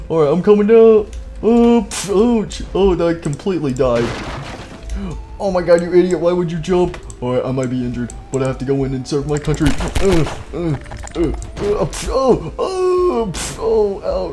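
A man hosting a gaming video, playing out a goofy war scene with hushed sneaking and sudden panicked yelps. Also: medium pitch. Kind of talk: playful role-play commentary over a game.

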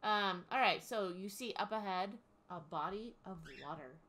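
Brief: woman game master, bright forceful voice, chatty and halting, casual tabletop narration. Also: medium pitch, slight background noise. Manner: chatty, hesitant, full of ums and restarts.

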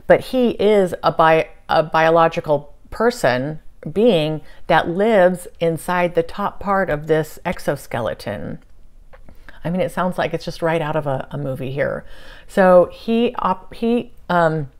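Woman with a low voice, soft-spoken and rambling, telling of a spiritual experience at home. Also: expressive, a little slow. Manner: meandering, soft-spoken, many fillers and restarts. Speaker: channeler recounting a session. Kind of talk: casual spiritual storytelling. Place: at home on a couch.

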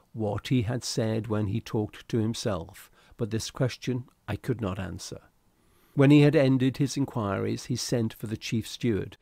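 Gravelly male audiobook narrator. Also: medium pitch, a little mellow, dry recording, clean studio sound. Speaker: reader. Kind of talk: audiobook narration of a classic story.

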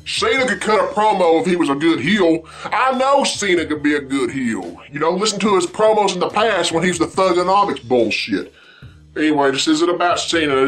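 A man's voice: sits high, a bit bright. A man hosting a vlog, delivering a blunt, profane, repetitive rant straight to his viewers. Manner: blunt, heavy swearing, repetitive. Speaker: vlog host ranting about wrestling. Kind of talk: profane angry rant to camera.

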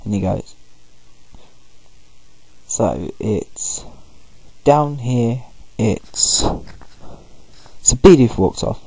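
A man's voice: mid-range voice, expressive, drawn-out words, pauses often, warm tone, slightly rough, dry recording, low-quality recording. A man giving loose, rambling commentary over a video game playthrough. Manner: rambling, loose, full of fillers. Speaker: gaming video host. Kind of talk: casual let's-play commentary.

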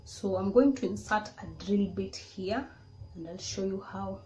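A female DIY vlogger with a mellow, mid-range voice shows how to use a tool at a measured pace. She explains plainly, step by step, in a casual way, recorded in an echoey room with clear noise.

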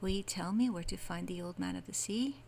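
A woman voicing a weary, wondering wanderer in a storybook, speaking softly and slowly. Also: mid-range voice, vocal fry, a little hiss or hum, close to an everyday voice. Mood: wistful.

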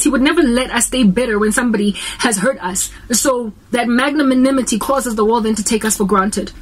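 South african woman vlogging, bit husky, kinda high voice, earnest casual preaching, flips between english and sesotho. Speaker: Christian vlogger.

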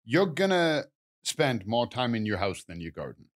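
A man's voice: mid-range voice, very animated, moderate pace. Confident man giving garden advice. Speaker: gardening expert co-host. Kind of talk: casual podcast chat.

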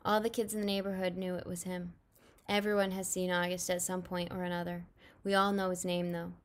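A woman's voice: on the low side, level tone, a little fast. A woman reading first-person audiobook narration in a casual, chatty, youthful tone. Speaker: audiobook reader.

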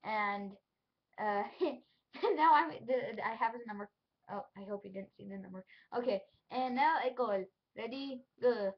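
A woman's voice: on the high side, measured pace. A woman YouTuber chatting casually to her viewers in a giggly, scatterbrained way. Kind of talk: casual vlog chat. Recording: dull lo-fi audio.

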